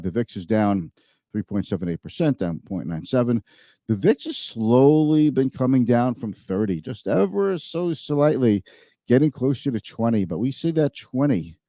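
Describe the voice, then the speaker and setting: A man's voice: fairly low pitch, warm tone, no room sound, clean studio sound. A man hosting a finance show, giving casual market commentary in a chatty, thinking-aloud way and often correcting himself mid-sentence.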